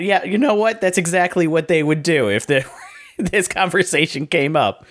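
A man's voice: a little high, moderate pace, fairly bright tone. A man co-hosting a casual film discussion podcast, agreeing and adding jokey asides. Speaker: podcast co-host.

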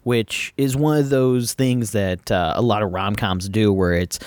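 A man co-hosting a casual movie review podcast, relaxed and chatty. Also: fairly low pitch, normal speed, hardly any pauses, dry recording, studio quality. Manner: relaxed, chatty, with frequent "uh" fillers. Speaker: podcast co-host.

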